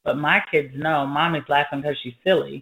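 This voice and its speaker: A woman's voice: deep voice, steady tone, moderate pace, fairly bright tone, low-quality recording. A woman co-hosting a casual talk on parenting, joking and playful as she pokes fun at herself. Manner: joking, playful, self-mocking.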